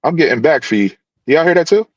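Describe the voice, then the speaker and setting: A man with a slightly high voice tells a long story about a game, restarting his sentences and acting out what each person said. The sound is dry and close, as on a video call. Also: fast, no room sound, muffled recording. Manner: animated storytelling with many restarts. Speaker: youth football coach. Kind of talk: casual podcast guest recounting events.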